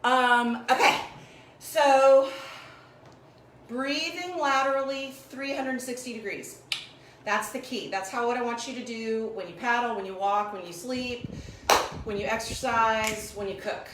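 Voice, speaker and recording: A woman's voice: on the high side, a little slow, fairly bright tone, recorded from a distance. Chatty woman coaching a home workout. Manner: chatty, apologetic about tech trouble, encouraging. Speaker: fitness coach. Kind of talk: live-streamed home workout instruction. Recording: echoey home room with faint background noise.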